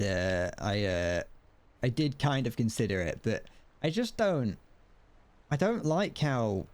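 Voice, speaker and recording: A man's voice: fairly low pitch, darkish tone. A young man giving casual, rambling commentary while playing a game, self-deprecating and chatty. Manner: rambling, self-deprecating, frequent laughs and restarts. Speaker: streamer.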